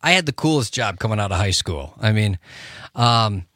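A man's voice: fairly low pitch, lively intonation, moderate pace, pushed and bright, dry recording, studio quality. A man chatting as a guest on a radio show, rambling and laughing often. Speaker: musician guest. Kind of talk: casual radio interview.

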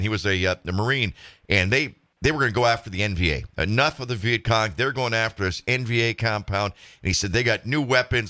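A male radio talk show host, chatty and animated as he tells stories. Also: mid-range voice, dry recording.

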